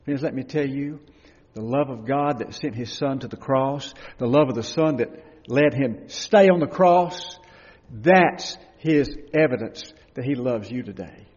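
A man preaching a sermon with passion, rising to loud cries and falling to hushed tones. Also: mid-range voice, slow. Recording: dull, lo-fi recording with long hall reverb.

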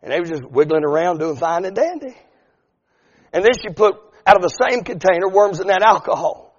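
A middle-aged male pastor preaching a sermon, building to shouted, drawn-out lines. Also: high voice, animated, in a large hall, highs cut off. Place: church sanctuary.

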